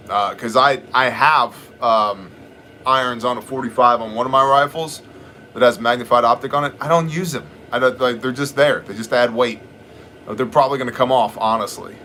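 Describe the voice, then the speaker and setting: A man in middle age hosts a live stream with a bright, forceful voice. He talks in a blunt, joking, rambling way, with faint noise in the background. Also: mid-range voice. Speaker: livestream host answering chat questions. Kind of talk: casual live chat.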